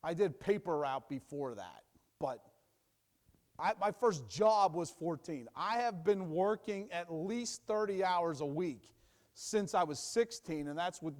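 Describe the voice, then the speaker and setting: A young adult man teaching from the Bible in a sermon, emphatic and repetitive, dropping low and quiet for asides. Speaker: preacher.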